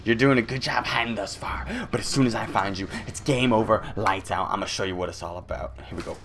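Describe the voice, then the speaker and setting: Goofy, gravelly gamer man. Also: fairly low pitch, fast talker, heavy background noise. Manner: goofy, taunting, with sudden loud outbursts. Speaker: gameplay commentator. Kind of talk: playful let's-play commentary.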